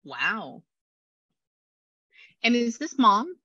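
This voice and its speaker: A woman leads a casual reading session, talking in a bright, tense, excitable way and circling back on herself. Her voice is crisp in the highs, but the recording sounds dull and completely dry. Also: extremely slow, dry recording. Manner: animated, rambling, exclamatory. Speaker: psychic medium.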